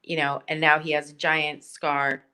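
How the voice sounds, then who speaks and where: Bright, animated woman telling stories. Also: deep voice, normal speed, smooth. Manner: animated, rambling, many likes and ums. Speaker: guest. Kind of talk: casual storytelling chat.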